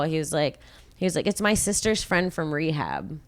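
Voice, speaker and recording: A woman's voice: normal speed, smooth. A woman in her thirties hosting a podcast, telling a story casually and profanely, acting out quotes. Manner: animated, profane, acts out quotes with big pitch jumps. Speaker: podcast host.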